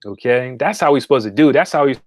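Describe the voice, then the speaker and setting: Fast and with lively intonation, a man at medium pitch addresses his livestream viewers from a meditation room in his home. As a spiritual consultant in this casual stream, he's direct and repetitive, constantly asking "okay?", and the audio has no echo.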